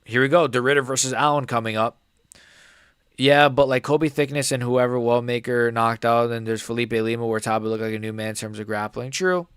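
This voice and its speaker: A young man chats loosely through a live reaction stream, filling his talk with "like" and "bro" at a middling pitch. His voice now and then cracks upward. The sound is dry and close, with no room around it. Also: fairly even intonation, fairly quick, fairly bright tone, smooth, dry recording. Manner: rambling, filler-heavy, says "like" and "bro" often. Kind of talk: casual live reaction chat.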